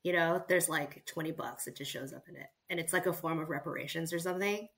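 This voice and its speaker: A woman hosting a podcast, talking in an animated, emphatic way. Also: deep voice, fast. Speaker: podcast host. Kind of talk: casual conversation.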